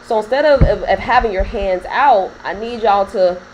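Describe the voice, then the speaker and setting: A woman's voice: mid-range voice, moderate pace, lo-fi sound, noisy background. A woman coaching on business credit in a casual talk to camera, chatty and laughing often as she addresses viewers directly.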